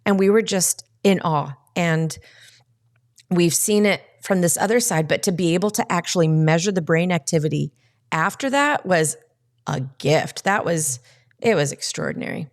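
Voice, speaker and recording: Lively woman telling a personal story. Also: on the low side, moderate pace. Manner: lively storyteller, acts out quoted dialogue. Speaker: podcast guest. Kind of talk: casual storytelling.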